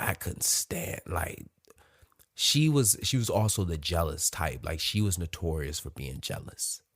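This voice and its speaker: A man's voice: deep voice, gravelly, dry recording, studio quality. A man in his thirties, a podcast host, telling a frank, profane personal story with emotional openness.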